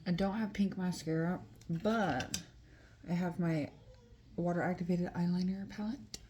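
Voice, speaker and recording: A woman's voice: lowish voice, steady tone, measured pace, heavy background noise. Chatty woman doing makeup. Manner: chatty, lots of fillers and asides. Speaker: beauty vlogger. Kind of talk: casual storytelling while doing makeup.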